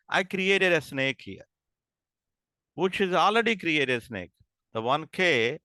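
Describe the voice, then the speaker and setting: A man lectures a class in a slightly high, bright, forceful voice, with no room sound. He often stops to ask whether students are following, repeating himself and restarting sentences haltingly.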